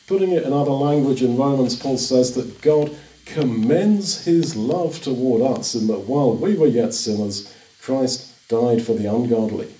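A man's voice: medium pitch, a little slow, dark tone. An older man preaching a sermon in an earnest, reassuring way, often repeating his phrases. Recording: echoey room, distant mic.

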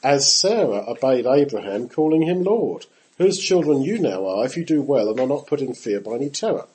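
A man preaching in a loose, conversational way, with a voice that rises and falls a lot. He acts out the scripture quotes and talks straight to his listeners. His pitch sits in a middle range. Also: fairly quick, rough recording. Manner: animated, acts out quotes with shifting voice, talks to his audience directly. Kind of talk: conversational Bible teaching.

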